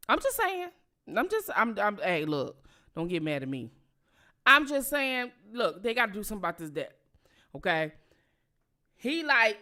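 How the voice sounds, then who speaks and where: Bright-voiced woman ranting casually. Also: medium pitch, big pitch swings, normal speed, pauses often. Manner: profane, repetitive, emphatic. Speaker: channel host. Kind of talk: casual political commentary.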